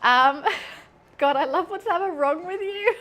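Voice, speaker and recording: A young British woman streaming from her kitchen while she cooks, telling rambling, excitable stories and laughing often. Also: very high voice, unhurried. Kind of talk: casual chat while cooking on a livestream.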